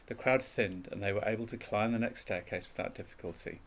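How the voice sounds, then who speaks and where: A man narrating a storybook reading in a calm, even way. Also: lowish voice, a little fast, hardly any pauses, a little hiss or hum.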